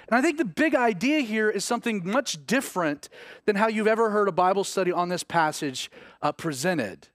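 Animated man teaching from scripture. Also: high voice, fast, no echo, studio quality. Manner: reads scripture aloud, then comments with rising animated emphasis. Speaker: pastor. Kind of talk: sermon, Bible teaching.

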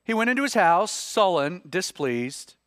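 High, animated man preaching. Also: a little slow, smooth, dry recording, studio quality. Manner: animated, conversational, with asides. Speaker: pastor. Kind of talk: expository sermon.

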